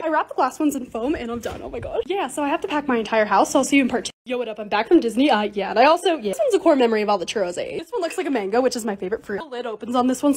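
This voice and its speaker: Bubbly fast-talking young woman vlogger. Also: high voice, a little mellow, slight background noise. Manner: chatty, bubbly, self-deprecating. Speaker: lifestyle vlogger. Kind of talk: voice-over narration of organizing videos.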